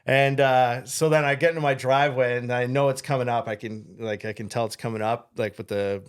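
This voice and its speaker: A man's voice: medium pitch, fairly quick, clear, resonant tone. Laughing man telling a story. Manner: animated storyteller, acts out quoted voices, laughs often. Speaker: podcast co-host and morning radio host. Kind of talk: casual storytelling chat.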